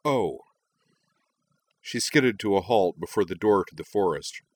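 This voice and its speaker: Man narrating a story, lowish voice. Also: normal speed, no echo. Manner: lively, expressive reading.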